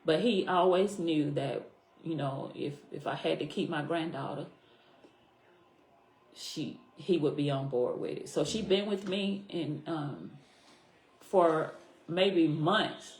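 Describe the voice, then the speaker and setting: Low-voiced woman telling a heartfelt story. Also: takes it slowly, a little mellow. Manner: earnest, heartfelt storytelling with repeats. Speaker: podcast guest. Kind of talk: personal story in a podcast interview. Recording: echoey room.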